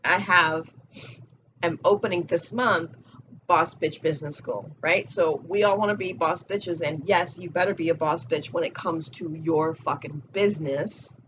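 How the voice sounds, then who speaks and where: A woman's voice: fairly low pitch, measured pace, a bit bright, a little hiss or hum, low-quality recording. A woman giving a casual motivational talk as a spiritual coach, blunt and profane, repeating her key phrases.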